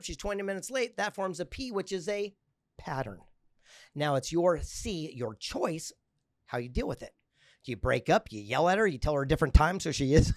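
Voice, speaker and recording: A man telling motivational parables as a podcast guest, energetic and emphatic. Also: no echo. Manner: energetic, emphatic, builds to a rousing pitch. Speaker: guest, author and speaker. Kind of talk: motivational storytelling.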